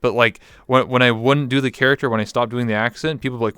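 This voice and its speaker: A man's voice: mid-range voice, fairly even intonation, fast, a bit bright, clear, resonant tone, no echo. A man from Canada, a guest talking in a candid, reflective way with many fillers. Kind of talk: casual interview chat.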